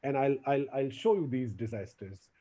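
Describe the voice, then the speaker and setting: A man giving an academic lecture as guest lecturer, animated, often repeating his words and acting out quotes. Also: medium pitch, moderate pace, muffled recording.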